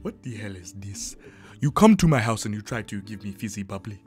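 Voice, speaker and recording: A man's voice: fairly low pitch, animated, brisk, soft background music, voice pushed down, natural voice. A man voicing an indignant figure with an African accent, scolding a guest about a drink in an exaggerated way. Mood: outraged.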